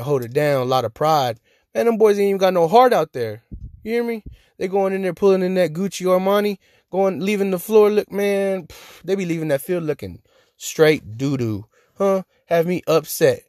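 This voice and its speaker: A man hosting his own podcast, ranting in a loose, animated way and often asking "you hear me?". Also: sits high, no echo, clean studio sound. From Texas. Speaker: podcast host. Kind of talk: casual solo podcast rant.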